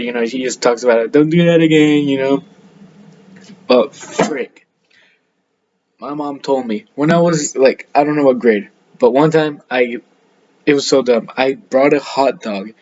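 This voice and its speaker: A man's voice: medium pitch, darkish tone, lo-fi sound. Rambling young man telling school stories. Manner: rambling, full of fillers and self-corrections, laughs at himself. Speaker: podcast storyteller. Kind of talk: rambling casual storytelling.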